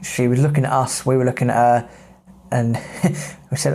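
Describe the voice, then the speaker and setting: An English man hosting a podcast, telling travel tales in a relaxed, chatty way. He talks animatedly with frequent laughs and plenty of asides. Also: medium pitch, normal speed, creaky. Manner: lively anecdotal, laughs often. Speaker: podcast host. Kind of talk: casual travel storytelling.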